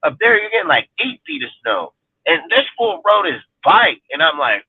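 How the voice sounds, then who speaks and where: A man's voice: fairly high pitch, sing-song, moderate pace, breathy edge, no echo. A man from California telling a rambling story in casual chat, emphatic and heavy on profanity. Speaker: roundtable panelist. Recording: tinny phone-line sound, dry.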